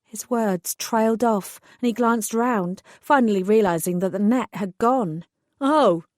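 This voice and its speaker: A woman's voice: mid-range voice, measured pace, darkish tone, no echo. A woman narrating a first-person fantasy audiobook in a dry, composed way.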